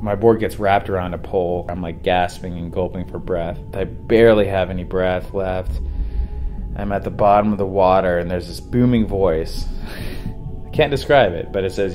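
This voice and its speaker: Twenties guy telling a wild story, lots of like and dude, kinda low voice. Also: a little slow, over music. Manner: animated, slangy, lots of filler "like". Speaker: vlogger. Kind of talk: casual storytelling.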